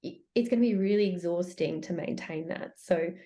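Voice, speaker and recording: A woman talking as a guest on a podcast, giving branding advice in a chatty, animated way with quick restarts. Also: on the low side. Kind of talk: casual podcast chat.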